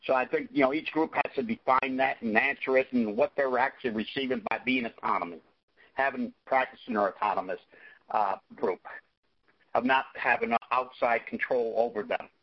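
A man sharing in a group discussion, halting, with many fillers and frequent "okay?" check-ins. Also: mid-range voice. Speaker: recovery meeting participant. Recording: dull lo-fi audio.

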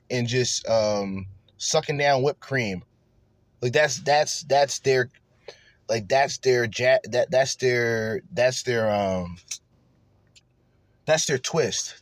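A man rants through casual reaction commentary, crude and mocking, with profanity in every other line. His voice sits at a middle pitch. The sound is dry and close, with no room around it. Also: no room sound. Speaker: commentary podcast host.

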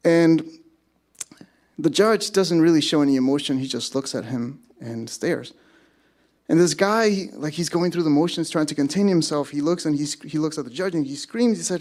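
A man's voice: a little high, normal speed, a little mellow. A man in his thirties from Mexico, a pastor giving a sermon as casual storytelling with self-deprecating humor.

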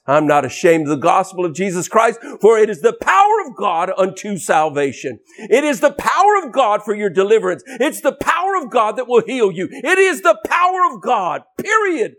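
A high-pitched man preaches a fiery deliverance sermon. He hammers his points with emphatic repetition and sudden shouted bursts, his voice sitting well above the usual male range.

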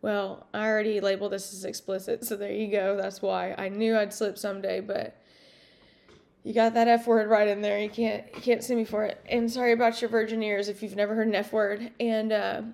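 A woman's voice: medium pitch, little pitch movement, fairly quick, vocal fry, darkish tone. A woman hosting her podcast in a casual monologue, rambling and outspoken, swearing freely. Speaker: podcast host.

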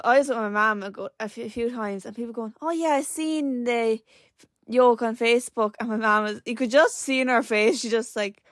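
A woman's voice: on the high side, a bit bright, no room sound, studio quality. A young Irish woman in her late teens hosting a podcast, rambling through stories with lots of filler words. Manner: rambling storyteller, many "like" fillers. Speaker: podcast host. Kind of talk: casual chat.

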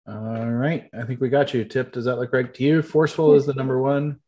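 A man's voice: mid-range voice, fairly even intonation, brisk, mellow. A man running a tabletop game as game master, explaining rules patiently with lots of fillers.

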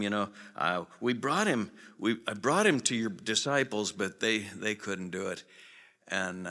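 A man's voice: low-pitched, sharp tone. A man preaching a sermon as pastor, earnest and conversational, rising to emphatic passages. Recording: long church reverb.

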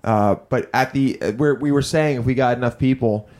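A man's voice: medium pitch, brisk, a little mellow. Rambling, laughing podcast host guy. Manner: rambling, swears, laughs a lot. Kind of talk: casual podcast chat.

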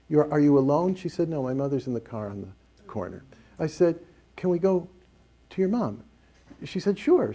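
Mellow-voiced priest telling a story. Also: male voice, mid-range voice. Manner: animated storyteller who acts out quoted dialogue. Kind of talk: storytelling and teaching on a panel.

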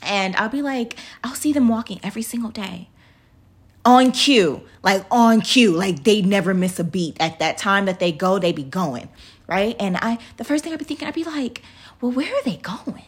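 A woman's voice: mid-range voice, expressive, moderate pace, breathy edge. A woman in her thirties hosting a podcast, talking casually and motivationally, chatty, laughing often and calling her listeners y'all. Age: 30s. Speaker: podcast host.

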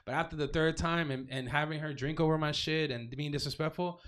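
A man working as a DJ, telling a story in casual chat with emphatic, animated retelling, swearing and restarts. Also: fairly high pitch, brisk.

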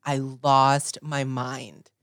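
A young woman co-hosting a podcast, chatting excitedly and swearing casually. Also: rumbling low, very slow, no room sound, studio quality. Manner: excitable, swears casually, acts out her own reactions. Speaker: podcast co-host. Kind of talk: casual chat.

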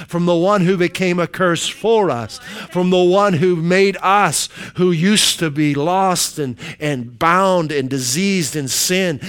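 A man's voice: on the high side, a bit bright, clean tone. A man preaching a sermon, emphatic and repetitive, quoting scripture and hammering his points. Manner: emphatic preaching with repeated phrases and scripture quotes.

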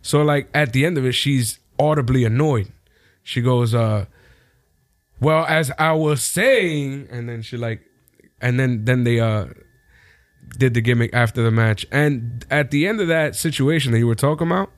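A young man co-hosting a podcast, talking in loose, profane, joking banter. His voice sits at a middle pitch. The sound is dry, with no room echo. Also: moderate pace. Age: young adult. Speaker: podcast co-host. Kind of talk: casual chat.

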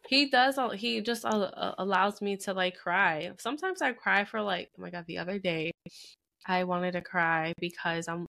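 A woman's voice: mid-range voice, moderate pace, vocal fry, bright, forceful tone. Chatty laughing woman podcast host. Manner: chatty, laughs often, acts out quotes. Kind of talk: casual chat.

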